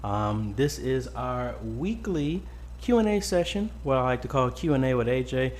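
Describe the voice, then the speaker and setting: A man's voice: medium pitch, expressive, normal speed. A man hosting a casual weekly live-stream Q&A from a home studio, greeting viewers by name with lots of ums. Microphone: boom-arm mic close up.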